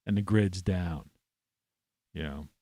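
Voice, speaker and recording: A man's voice: sits low, slow, warm tone, no echo, studio quality. A man at home, ranting scornfully to camera with plenty of swearing. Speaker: vlogger. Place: at home, indoors in an old house.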